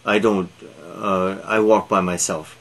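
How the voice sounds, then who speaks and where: A man reading out a stubborn storybook cat who prizes his freedom above all. The delivery is low-pitched and slow, firm and self-assured rather than strongly acted. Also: fairly even intonation, fairly bright tone, slight background noise. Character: proud independent male cat who walks alone.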